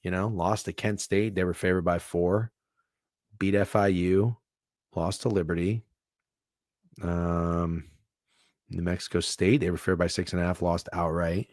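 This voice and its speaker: Man, lowish voice, betting show host, casual and profane, dry close sound. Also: level tone, a little slow, pauses often, no echo. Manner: swears freely, muses aloud, swings from hushed to loud. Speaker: sports betting podcast host.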